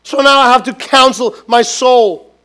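A man preaching a sermon as a pastor, emphatic and repetitive, swinging between loud stresses and hushed lines. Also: very high-pitched, a little slow. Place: church gathering.

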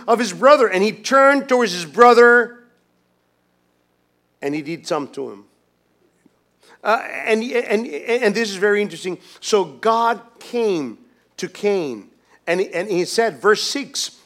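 A man preaching a sermon as pastor, swinging from hushed, quiet lines to loud, emphatic ones, with many restarts. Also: high-pitched.

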